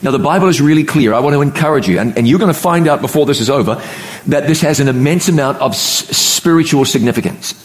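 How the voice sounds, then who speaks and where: Emphatic man preaching a sermon. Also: a little high. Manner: emphatic, pauses and slows on key words.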